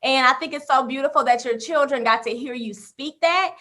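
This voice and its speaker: A woman's voice: sits high, a little fast, pushed and bright. A woman co-hosting a faith podcast, welcoming a guest in an upbeat, encouraging, slightly preacherly way. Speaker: podcast co-host.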